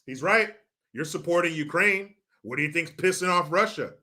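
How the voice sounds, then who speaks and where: A man's voice: a little high, animated, moderate pace, sharp tone. A man hosting a political commentary vlog, ranting in a sarcastic, profane, mocking way.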